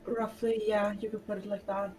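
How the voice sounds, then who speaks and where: A woman's voice: mid-range voice, level tone, moderate pace, a little mellow, low-quality recording. A woman playing in a tabletop game, speaking casually and a bit hesitantly, partly in character. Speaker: player. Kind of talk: in-character role-play.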